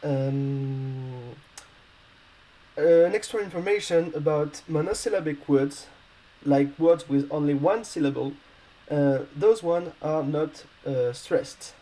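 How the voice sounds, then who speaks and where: A man walks learners through a grammar lesson in English, which is not his first language. His voice sits a little high but sounds mellow and soft-edged. He talks haltingly, with frequent fillers and self-corrections. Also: low-quality recording. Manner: hesitant, many fillers and restarts. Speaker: language teacher.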